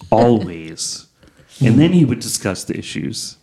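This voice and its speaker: Self-mocking man, lively voice. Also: lowish voice, slow. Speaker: comedy game player. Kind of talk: casual comedic banter.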